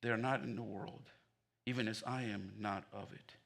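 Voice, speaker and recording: A man preaching a sermon as pastor, telling stories with humor and building to excited emphasis. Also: fairly low pitch, moderate pace, creaky. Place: church sanctuary.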